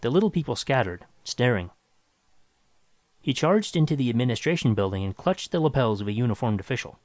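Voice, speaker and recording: A man reading a science fiction story aloud with dramatic, expressive narration. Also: mid-range voice, brisk, no echo.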